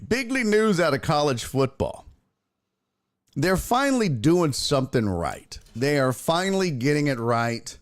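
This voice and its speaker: A man's voice: mid-range voice, big pitch swings, measured pace. A man hosting a casual streamed sports talk show, chatting loosely with his viewers in a blunt, slangy way and swearing now and then.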